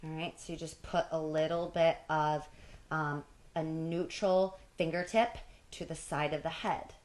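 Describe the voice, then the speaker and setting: Her voice is deep and fairly even, and she takes her time, an unhurried woman in her forties teaching fitness. Between casual, self-deprecating remarks while demonstrating exercises, she occasionally sounds strained from the work.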